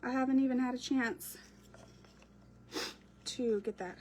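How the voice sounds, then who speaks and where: A woman's voice: fairly high pitch, fairly even intonation, a little slow, long pauses, darkish tone. A woman chatting casually while she crafts, answering viewers as she works. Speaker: craft creator. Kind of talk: casual crafting livestream chat.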